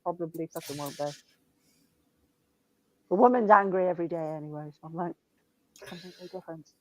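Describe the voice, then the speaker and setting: A woman's voice: lowish voice, dull audio. A young woman in casual chat, telling rambling family stories full of swearing and "I'm like".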